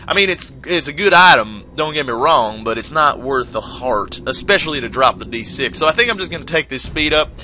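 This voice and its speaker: High, bright-voiced young man gaming. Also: expressive, fairly quick, few pauses, slight background noise. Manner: rambling, self-deprecating, putting on exaggerated accents. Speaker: gaming video host. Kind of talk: let's play commentary.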